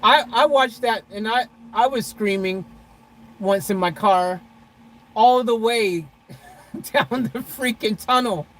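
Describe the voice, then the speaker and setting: Slow and a little high-pitched, a woman vlogs live from a parked car over poor audio. It's casual live-stream chat: she reads comments, speaks to viewers by name, laughs a lot, rambles, and uses "freaking" often.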